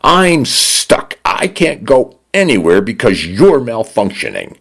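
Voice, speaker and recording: A man voicing an angry woman shouting at the home that locked her out. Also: medium pitch, very animated, takes it slowly, gravelly, breathy edge, pitched above the performer's own voice, full character voice. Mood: furious.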